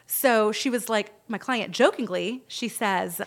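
A woman spins a long story in relaxed podcast chat. She speaks at a middling pitch and slips into the voices of the people she quotes. Her talk is lively and salted with curses. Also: a little slow. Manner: animated storyteller, acts out quoted voices, swears freely. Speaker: podcast host.

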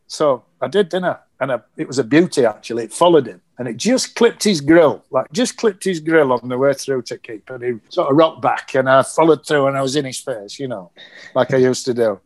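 A middle-aged man, a former cricket coach telling lively anecdotes on a casual podcast and acting out the quotes. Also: mid-range voice, brisk. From Yorkshire, England. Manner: animated anecdotes with acted quotes.

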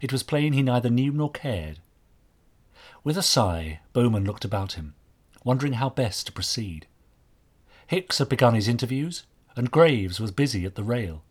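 A man narrating a mystery story with an expressive, varied delivery. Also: medium pitch, normal speed, slightly rough. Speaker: audiobook narrator.

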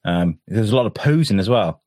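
Animated man in casual chat. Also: fairly quick, no echo, clean studio sound. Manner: animated, swearing, acts out scenes in loud high voices. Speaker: podcast co-host. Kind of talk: casual chat reviewing a TV episode.

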